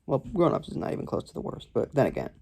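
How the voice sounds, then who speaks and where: A man's voice: medium pitch, huge pitch swings, fast talker, mellow, breathy edge. Rambling, sarcastic male film reviewer. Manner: rambling, sarcastic, many ums. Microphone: camera propped on his legs.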